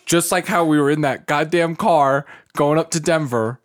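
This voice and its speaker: A young podcast co-host with a slightly high voice speaks at normal speed, telling stories in casual conversation. He's an animated storyteller who swears freely and acts out what people said.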